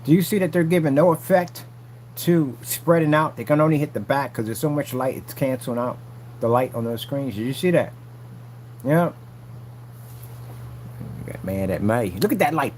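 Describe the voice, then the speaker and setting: Animated man rambling to his viewers. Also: medium pitch, a little fast, a little hiss or hum. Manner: animated, repetitive, talks straight to viewers, frequent slang. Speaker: channel host showing his screen technology. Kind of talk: casual rambling vlog monologue.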